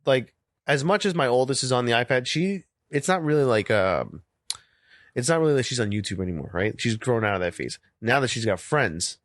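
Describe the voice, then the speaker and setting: A man's voice: medium pitch, very animated, a little fast, no room sound. Brief: man, thirties, podcast co-host, loose rambling storyteller, dry close mic. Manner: rambling storyteller, swears freely. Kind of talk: casual podcast chat.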